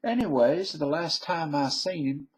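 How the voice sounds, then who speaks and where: A man's voice: fairly high pitch, lively intonation, rough recording. A man in his fifties with a Southern US accent, telling folksy, meandering stories in a casual monologue. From Southern United States. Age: 50s. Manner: meandering, folksy storyteller, drawn-out phrases. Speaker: video blogger.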